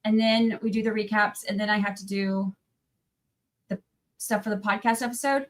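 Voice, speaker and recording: A tired woman talks loosely to her livestream viewers. She rambles, trails off, and restarts her sentences, and her pitch sits in a middle range. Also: little pitch movement, moderate pace, poor audio. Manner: chatty, rambling, breaks off mid-sentence. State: tired from little sleep. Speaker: livestream trial commentator. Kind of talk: casual livestream chat.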